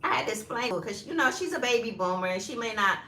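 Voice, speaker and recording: A woman in her fifties telling viewers a story in a casual, animated vlog, often calling them y'all. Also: a little high, fast talker, echoey room. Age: 50s. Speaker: lifestyle vlogger.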